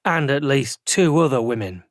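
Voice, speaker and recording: A man voicing a blunt, practical male watch captain in an audiobook, slow and deliberate. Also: mid-range voice, animated, dry recording, studio quality, lightly acted. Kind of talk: audiobook character voice.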